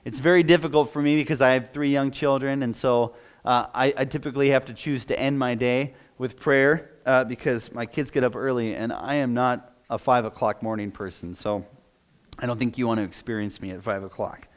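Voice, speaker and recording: A man's voice: mid-range voice, steady tone, brisk. Conversational man preaching a sermon. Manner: conversational, joking with the congregation. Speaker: pastor.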